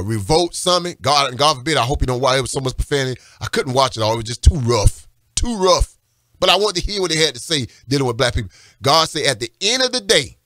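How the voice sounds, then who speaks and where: Fervent, bright-voiced radio preacher. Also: male voice, sits high, no echo, clean studio sound. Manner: fervent, repetitive, rising to emphatic calls. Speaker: radio pastor and host. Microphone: studio microphone.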